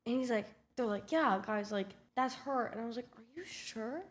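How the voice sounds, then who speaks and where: A woman's voice: on the high side, fairly quick. A young woman telling a casual storytime vlog, chatty and full of swearing and filler words, acting out what everyone said. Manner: chatty, swears a lot, lots of "like", acts out quotes.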